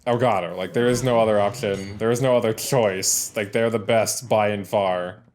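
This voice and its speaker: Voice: medium pitch, fairly even intonation, normal speed, darkish tone. A let's player giving casual gameplay commentary, rambling, restarting and swearing as things happen on screen.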